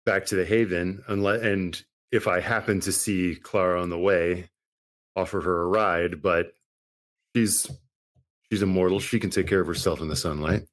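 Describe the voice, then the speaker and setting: A man's voice: deep voice, fairly even intonation, normal speed. A man playing a tabletop game, laid-back, chuckling and thinking aloud. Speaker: player. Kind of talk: casual chat in a tabletop game.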